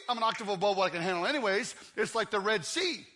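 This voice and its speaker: A man's voice: high-pitched, lively intonation, fast, hardly any pauses, pushed and bright. A man in his fifties preaching a sermon in a church, telling comic stories and acting out scenes. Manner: comic storytelling, acts out scenes. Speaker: pastor.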